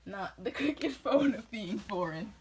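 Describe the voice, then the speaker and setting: A woman's voice: mid-range voice, lively intonation, measured pace, a little mellow, a little hiss or hum, low-quality recording. A woman from New England rambling through tangents in a casual chat. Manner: rambling, jumps between tangents.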